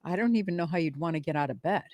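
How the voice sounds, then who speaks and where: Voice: mid-range voice, racing, a little mellow, no echo. Chatty radio co-host, dry mic. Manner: chatty, frequent agreeing interjections. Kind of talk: casual morning radio chat.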